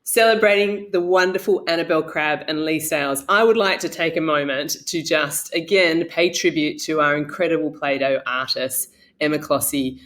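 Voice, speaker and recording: A woman's voice: deep voice, normal speed, fairly bright tone. Playful woman presenting a lesson. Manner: playful, chatty explaining. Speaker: children's educator presenting a lesson. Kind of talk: educational video for primary school children.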